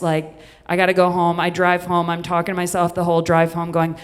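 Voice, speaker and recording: A woman's voice: on the low side, flat delivery, brisk. Self-deprecating woman storyteller, reverberant hall. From US Midwest. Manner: chatty, self-deprecating, rambling asides. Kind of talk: live comedic storytelling. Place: stage in a venue with an audience.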